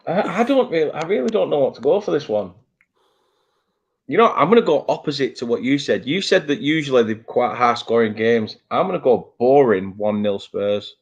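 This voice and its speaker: A man's voice: medium pitch, expressive, normal speed, slightly rough, lo-fi sound. A man with a Northern English accent hosting a casual football prediction chat, joking and laughing through banter. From Northern England. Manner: jokey, laughs often, banter. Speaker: show host.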